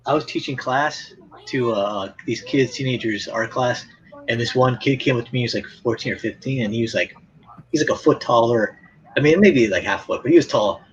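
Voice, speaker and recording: A man's voice: medium pitch, brisk. A man in a casual chat who rambles through stories, laughs often and acts out the people in them. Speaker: former art teacher. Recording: dull lo-fi sound with faint background noise.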